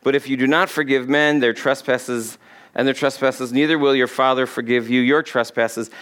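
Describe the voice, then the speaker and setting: A pastor preaching a sermon, slowing down to stress key words and putting questions directly to his congregation. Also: medium pitch, steady tone, fairly bright tone, clean tone. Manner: emphatic, slows to stress key words, quotes scripture.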